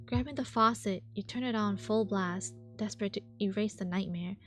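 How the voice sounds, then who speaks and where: A woman's voice: mid-range voice, normal speed. A young woman streamer reading a horror visual novel aloud, reacting jumpily with squeals at the scares. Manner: jumpy, squeals and shrieks at scares. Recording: background music.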